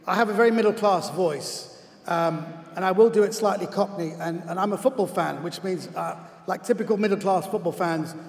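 A man's voice: high-pitched, darkish tone. A male comedian on stage rambling through self-deprecating asides before reading a letter. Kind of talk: stand-up style banter on stage. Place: large theatre hall. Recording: long hall reverb from a stage.

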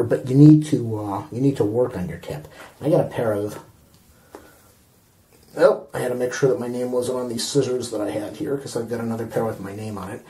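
A man with a warm, mellow voice talks his way through a fix-it job while filming himself. He rambles, backtracks and chuckles at his own words. The camcorder picks him up with plenty of bathroom echo. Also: medium pitch, brisk. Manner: rambling, self-amused, talking while working with hands. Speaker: home repair vlogger. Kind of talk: casual how-to demonstration. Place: indoor bathroom. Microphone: handheld camcorder mic, self-filming.

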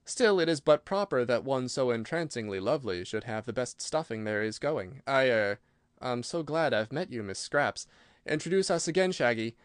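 A man's voice: mid-range voice, animated, normal speed, clean tone, no room sound, clean studio sound, lightly acted. A man voicing a gallant, courteous scarecrow stuffed with straw, polite and eager in a storybook. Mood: courtly.

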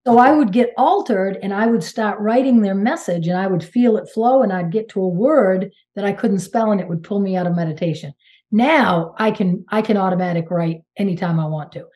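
A woman in her sixties from Maine talks through a casual interview, her voice warm and mellow. She tells her story in an animated, emphatic way, with exclamations and quick restarts, pitched in a middle range for a woman. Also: lo-fi sound. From Maine, United States. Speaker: guest medium and channeler.

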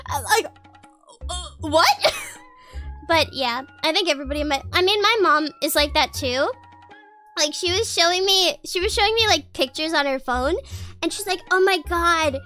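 A woman's voice: very high voice, animated, moderate pace, sharp tone, soft background music. A woman streamer telling rambling family stories in casual chat, giggling often and restarting sentences.

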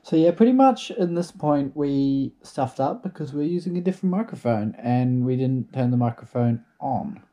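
A man's voice: medium pitch, expressive, moderate pace, few pauses, dark tone. A young man teasing his mates while they work. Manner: wry, teasing. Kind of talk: casual narration.

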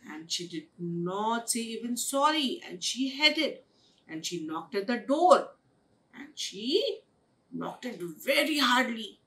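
A woman telling a children's story over an online session, expressive and sing-song. Her bright voice swings widely in pitch, and she takes her time with each line. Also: slow pace, recorded from a distance. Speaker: storyteller at a day care. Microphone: online webinar.

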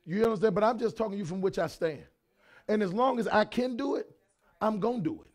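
A pastor in his fifties preaching a sermon, swinging between shouted lines and quieter talk, with lots of repetition. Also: high-pitched, quick pace. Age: 50s.

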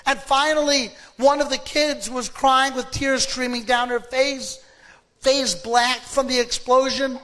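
Slow, high-voiced rabbi telling a story. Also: male voice, fairly even intonation, a bit bright. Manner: dramatic, emphatic storytelling. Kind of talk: sermon storytelling.

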